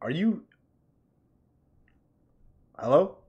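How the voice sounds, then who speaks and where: A man hosting a livestream, bantering with his chat in a loud, joking, slang-heavy way. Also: on the high side, sing-song, extremely slow, breathy edge, lo-fi sound. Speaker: stream host. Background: music under the talk.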